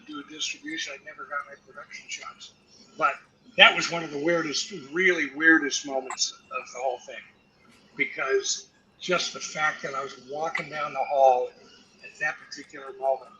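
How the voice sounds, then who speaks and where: Older male guest, profane raconteur, bright and forceful tone. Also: a little high, slight background noise, poor audio. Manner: profane, animated, acts out quotes. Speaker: guest actor. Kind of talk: anecdotal storytelling to a live audience.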